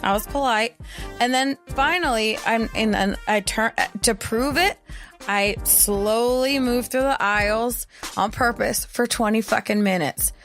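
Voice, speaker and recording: High-voiced woman telling a heated story. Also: measured pace, soft background music. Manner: heated, profane, animated retelling. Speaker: podcast co-host. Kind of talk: casual storytelling chat.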